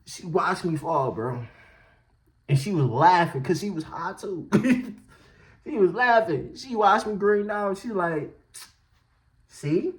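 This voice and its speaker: A man's voice: sits high, measured pace. A man telling a storytime vlog in slangy talk, laughing often as he goes. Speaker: vlogger.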